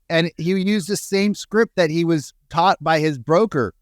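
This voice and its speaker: A man coaching real estate agents on a podcast, animated, acting out phone calls in quick voices. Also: a little high, dry recording, studio quality. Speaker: sales coach, podcast co-host. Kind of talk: energetic coaching talk with acted-out quotes.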